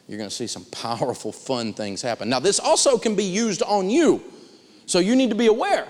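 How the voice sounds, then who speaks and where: A man teaching personal finance in a live seminar, telling stories with big swings in pitch. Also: expressive, brisk, a little mellow, in a large hall.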